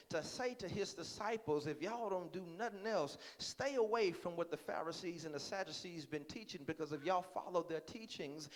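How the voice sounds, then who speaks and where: A pastor preaching in a church, moving from calm teaching to loud, rising preaching and often repeating his first words. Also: sits high. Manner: repeats words as he starts lines. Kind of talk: sermon. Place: church sanctuary.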